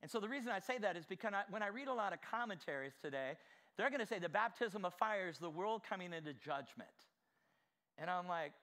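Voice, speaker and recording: A male pastor delivering a fervent sermon, his voice pitched high for a man with a bright, forceful edge. He fires direct questions at the congregation. He swings from quiet asides to shouted exclamations.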